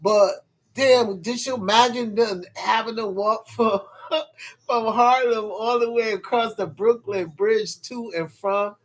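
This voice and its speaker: Man, high voice, slow pace, rambling profane livestream chat. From New York. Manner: rambling and profane, full of hesitations.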